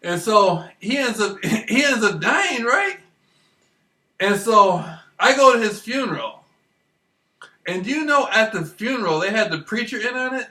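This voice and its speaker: Laughing as he goes, this vlogger tells loose, profane, rambling stories in a high, bright voice with lively intonation and a measured pace. He's recorded from a distance, sitting well back from the mic in an echoey room.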